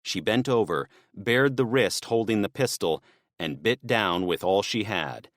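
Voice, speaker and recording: A man narrating an audiobook in a steady, measured way. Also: lowish voice, no echo, studio quality. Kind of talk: scripted narration.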